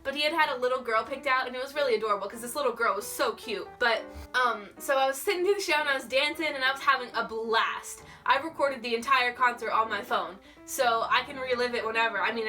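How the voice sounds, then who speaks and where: A young woman vlogger telling a story in a gushing, excitable way, full of "like". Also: on the high side, fairly quick, distant mic, soft background music. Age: young adult. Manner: gushing, excitable, heavy use of "like". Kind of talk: casual storytelling.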